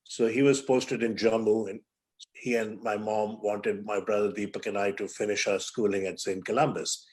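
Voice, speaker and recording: A man in his seventies, from India, a physician telling a personal story at a measured pace in an interview. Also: on the low side, little pitch movement. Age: 70s. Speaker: guest, physician and author.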